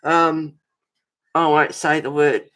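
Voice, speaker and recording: Sitting at her table at home, a middle-aged woman hosts a casual colouring-channel livestream over a webcam, calling viewers darling and sweetie as she answers their comments. Her deep, fairly bright voice stays flat in pitch and moves slowly. She says she's fussy and pedantic.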